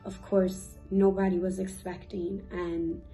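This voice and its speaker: A woman's voice: fairly low pitch, little pitch movement, warm tone, faint music behind, rough recording. Earnest young woman giving a testimony. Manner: earnest, emotional, with fillers and pauses. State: teary at times. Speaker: youth ministry speaker. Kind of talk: personal faith testimony.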